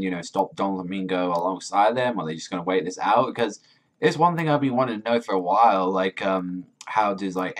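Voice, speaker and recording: Rambling, excitable man with a low voice. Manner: rambling, heavy use of "like"; profane, excitable. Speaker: manga reviewer. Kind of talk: casual chapter review.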